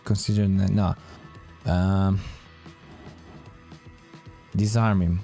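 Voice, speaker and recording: Low mellow-voiced man reading game text. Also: steady tone, slow, pauses often, soft background music. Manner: reads narration dramatically, breaks off with surprised asides. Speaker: let's play streamer. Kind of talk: reading game text aloud with live reactions.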